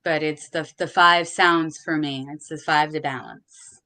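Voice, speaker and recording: A woman in a casual chat, explaining things slowly and carefully and laughing often. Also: sits low, fairly even intonation, bright, forceful tone. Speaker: podcast participant.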